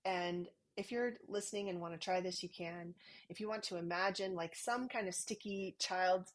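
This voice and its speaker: Woman, soft guiding podcast voice, slightly low, unhurried and calm. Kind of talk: podcast conversation on parenting.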